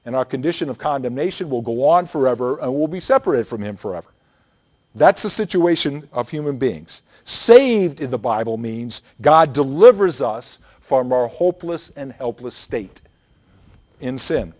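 An earnest male pastor delivering a sermon in a mid-pitched voice. He presses his points with emphatic repetition and explains scripture line by line. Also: expressive, moderate pace, a little mellow. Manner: earnest, emphatic preaching with repeated phrases.

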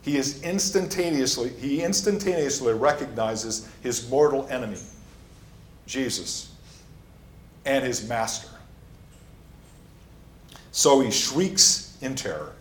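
A man's voice: medium pitch, lively intonation, slow, pauses often. A male pastor preaching a sermon, stressing and repeating his key points as he teaches. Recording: echoey room.

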